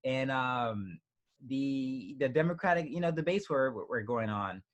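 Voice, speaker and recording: A man's voice: mid-range voice, lively intonation, unhurried. A man in his twenties, an interview guest telling a personal story casually, with many restarts and fillers. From United States. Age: 20s.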